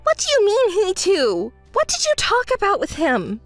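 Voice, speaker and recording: A spoiled, entitled young woman, as a woman puts her on in a dramatized texting story, with a high, shrill voice that swings wildly up and down. Her whiny, demanding tone reads as close and dry, with faint music underneath. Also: wildly swooping pitch, moderate pace, no echo, exaggerated voice. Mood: whiny frantic. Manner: whiny, shrill, throws tantrums.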